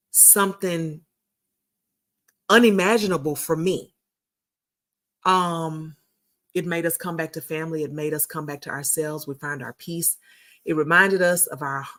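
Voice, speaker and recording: A woman's voice: deep voice, fairly bright tone. A woman hosts a casual live stream and talks straight to her viewers, calling them y'all. She tells a personal story in a loose, chatty way. She often repeats and restarts her phrases as she goes. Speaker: community founder and host.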